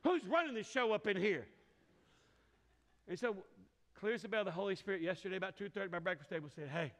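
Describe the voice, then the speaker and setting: High, bright-voiced pastor in a hall. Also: male voice, fast. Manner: storytelling with humor, laughs often. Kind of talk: sermon. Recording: reverberant hall.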